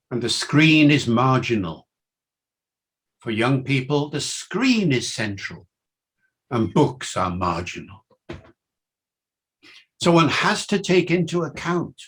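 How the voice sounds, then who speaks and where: An older man with a mixed Welsh and Liverpool accent, giving a university lecture with enthusiastic, swinging emphasis. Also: slightly rough. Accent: Welsh and Liverpool mix. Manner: enthusiastic, lively pitch swings.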